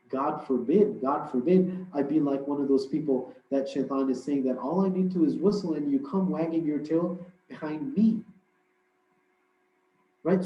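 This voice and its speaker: A man's voice: a little high, dark tone, a little hiss or hum. A man giving a religious lecture in a conversational, storytelling way, with frequent fillers and restarts. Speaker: religious speaker. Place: religious hall. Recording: roomy, dull lo-fi hall recording.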